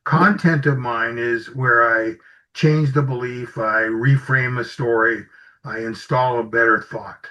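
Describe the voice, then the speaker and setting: His mid-range voice carries a sharp tone, fairly even intonation, and a slightly slow pace. Interviewed as an executive coach, he tells anecdotes conversationally and voices the dialogue within them. The recording is slightly muffled.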